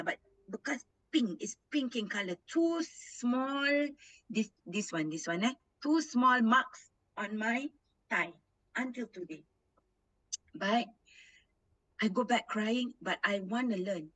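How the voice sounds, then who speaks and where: A woman's voice: mid-range voice, a bit bright, breathy edge, poor audio. A woman with a Malaysian English accent giving a guest lecture, switching between English and Malay and repeating words as she searches for them.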